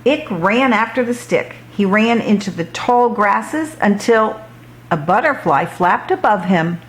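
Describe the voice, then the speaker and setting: A woman reads a children's picture book aloud in a slow, deliberate way. Her storytelling is expressive, and her pitch sits in a middle range.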